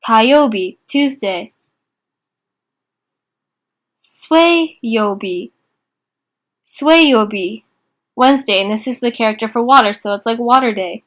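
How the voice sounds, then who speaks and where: Chatty young woman teaching beginners. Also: on the high side. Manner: chatty and informal, many "like" and "um" fillers, slows down to repeat phrases. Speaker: teacher of a beginner Japanese class. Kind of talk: casual online lesson.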